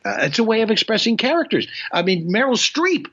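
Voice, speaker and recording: Bright-voiced older male comedian storyteller. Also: sits high, a little fast, slightly rough. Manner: animated storyteller, slips in impressions. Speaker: comedian guest. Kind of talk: casual chat. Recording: muffled lo-fi sound.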